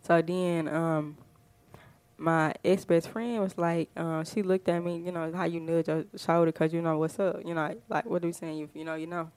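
Woman, casual storytelling, rambling with fillers, smooth, dry. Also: on the low side, fairly even intonation, normal speed, darkish tone, no room sound. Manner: chatty, rambling, lots of fillers. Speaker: podcast host.

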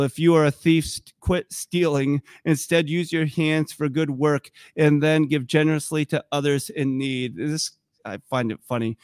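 A man preaching a sermon to his congregation, dropping into soft hushes and slow emphatic pauses. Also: fairly high pitch, no room sound. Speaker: pastor.

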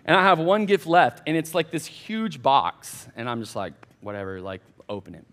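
A man, a college pastor giving a casual storytelling sermon in a church, chatty and animated as he talks straight to the crowd. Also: a little high, moderate pace. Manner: chatty, animated anecdotes addressing the crowd directly.

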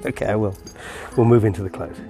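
A man's voice: fairly low pitch, steady tone, quick pace, loud music behind the voice. A man walking his dog outdoors, thinking aloud in a rambling, musing monologue with restarts and chuckles. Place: outdoors on a street walk.

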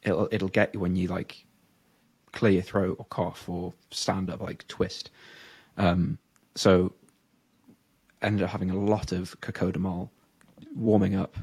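A young male powerlifter co-hosts a casual podcast, telling stories packed with "like" fillers and laughter. His voice is low, a little mellow and slightly rough, with a flat delivery at a measured pace.

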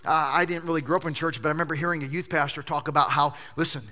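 A male pastor preaching a sermon, telling funny stories in an animated way. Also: a little high, very fast. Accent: Southern US. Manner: animated storytelling with jokes.

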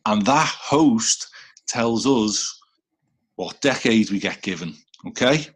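Scouse guy hosting a podcast on zoom, cheeky and sweary, lowish husky voice. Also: expressive, takes it slowly. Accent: Liverpool. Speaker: episode host. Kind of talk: casual banter on a podcast. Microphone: video call.

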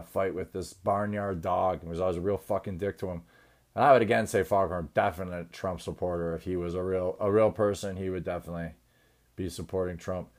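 A man hosting a podcast in a crude, rambling comedic rant, swearing constantly and often trailing off into low mumbles. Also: a little mellow. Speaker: podcast host.

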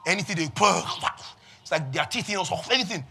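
A pastor preaching to his church, his voice high and bright. He calls out to the congregation and swings between hushed lines and shouts. Faint music plays underneath. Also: a little fast, creaky. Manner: preaching with call-and-response, swinging from quiet to shouting. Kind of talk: sermon.

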